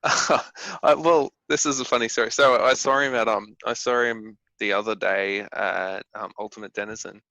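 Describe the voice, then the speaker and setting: Male podcast co-host, gravelly and bright, dry sound, halting storyteller. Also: fairly low pitch, steady tone, no echo, muffled recording. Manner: hesitant storyteller, many ums. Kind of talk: casual chat.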